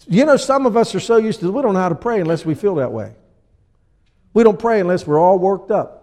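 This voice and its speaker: Animated male preacher in a reverberant hall. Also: high-pitched, fairly quick. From USA. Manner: animated preaching, acts out people in little scenes. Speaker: pastor. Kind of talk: sermon.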